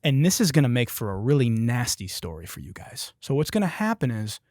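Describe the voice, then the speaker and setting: A man from Detroit, United States, hosts a podcast and spins a comedic, profane, emphatic story. He talks briskly in a medium-pitched, darkish voice with big pitch swings, recorded at studio quality without room sound.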